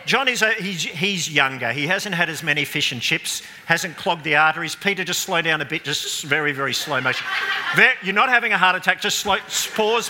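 A man preaching an all-age Easter sermon in a church, his voice bright and cutting with a fairly high pitch. He playfully coaches volunteers through a re-enactment with running stage directions. The church hall lends a long, ringing reverb. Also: slight background noise. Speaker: pastor.

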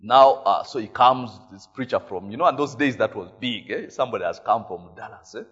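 Husky Ugandan preacher, eh-tagging storyteller. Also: male voice, medium pitch, brisk, highs cut off. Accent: Ugandan English. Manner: animated storytelling, frequent "eh?" tags, laughing often. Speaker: pastor. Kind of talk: sermon.

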